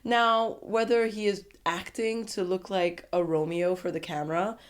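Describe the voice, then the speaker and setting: A woman giving a casual, animated, sassy recap of a reality show episode and laughing often. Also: mid-range voice, unhurried.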